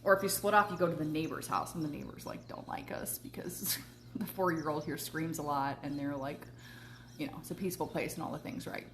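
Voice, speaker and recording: A woman livestreaming a casual story, animated, laughing often and swearing freely. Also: low voice, a little fast, slight background noise. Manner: eating while talking. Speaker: manifestation coach and vlogger.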